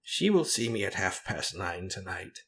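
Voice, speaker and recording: A man voicing a hesitant, mild-mannered clergyman who speaks reluctantly and slowly. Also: deep voice, very animated, a bit bright. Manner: reluctant and slow.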